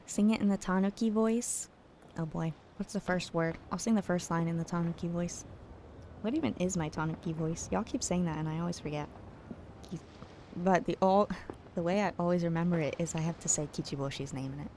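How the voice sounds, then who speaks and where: A woman streaming a game late at night, chatting casually and playfully with her viewers, teasing and giggling and sometimes dropping to a hush. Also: lowish voice, fairly quick, slight background noise. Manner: drops to a hushed late-night voice at times. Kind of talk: casual chat with live viewers.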